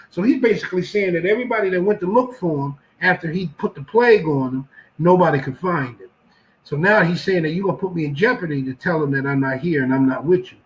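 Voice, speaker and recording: A man acting as a Bible teacher, reading scripture aloud and adding commentary. He reads slowly, restarts phrases and breaks in with casual asides. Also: fairly high pitch, lively intonation, poor audio.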